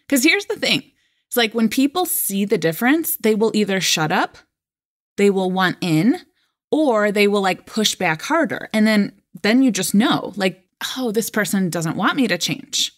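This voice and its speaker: A woman in her thirties hosting a solo coaching podcast, talking casually and animated, acting out quoted voices with frequent laughs. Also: mid-range voice, normal speed. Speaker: life coach and podcast host.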